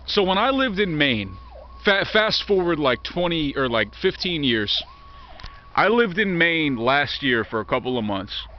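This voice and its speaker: Speaking slightly slowly in a fairly high, sing-song voice, a man in his thirties delivers a frank vlog monologue with a bit of background noise. He swears constantly, talks bluntly, and keeps looping back to restart his sentences. The audio is muffled and lo-fi.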